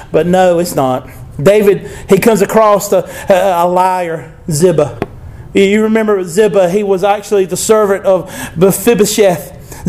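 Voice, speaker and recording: A man's voice: sits high, a little mellow. A male preacher, delivering a conversational sermon and reading scripture aloud.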